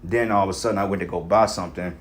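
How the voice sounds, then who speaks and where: A man's voice: deep voice, fairly even intonation, racing. A man ranting casually about religion and society in a blunt, profane, rambling way, full of street slang. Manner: street slang, frequent "you know what I'm saying". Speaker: religious vlogger.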